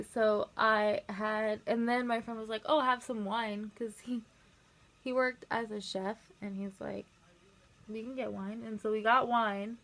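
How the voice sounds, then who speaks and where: A young woman with a gravelly, fry-laced voice talks through her makeup routine in a loose, rambling way. She fills her sentences with "like" and quick asides, and she sounds chatty and unscripted. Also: a little high, fairly bright tone. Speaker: makeup vlogger. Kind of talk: casual chatty storytelling while doing makeup.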